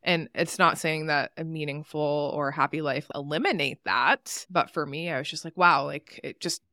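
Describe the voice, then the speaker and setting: Excitable woman with a bright voice. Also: low voice, moderate pace, dry recording, clean studio sound. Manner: excitable, animated, jokes about herself. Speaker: podcast co-host. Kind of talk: casual chat.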